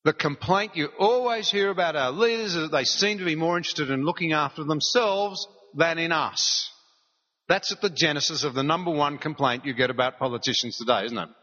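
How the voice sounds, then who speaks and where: A man's voice: on the high side, brisk, pushed and bright. An Australian man giving a public speech, telling wry anecdotes with earnest asides. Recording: dull, reverberant hall recording.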